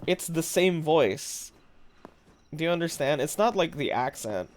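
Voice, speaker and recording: Lively, animated male game streamer. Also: fairly high pitch, unhurried. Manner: chatty, laughs often, muses aloud. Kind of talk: casual live-stream chat while gaming.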